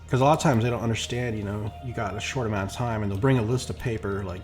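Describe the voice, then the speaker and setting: A man's voice: lowish voice, fairly even intonation, fast talker, darkish tone. A man chatting casually while playing a game, rambling and acting out quoted exchanges. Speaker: gameplay streamer. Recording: faint background music.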